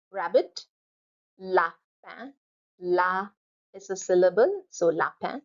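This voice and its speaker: Woman teacher, slow careful speech, repeats words for drilling, dull lo-fi recording. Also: mid-range voice, a little mellow. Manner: repeats each word slowly for pronunciation drill. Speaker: French teacher. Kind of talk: recorded slide lecture.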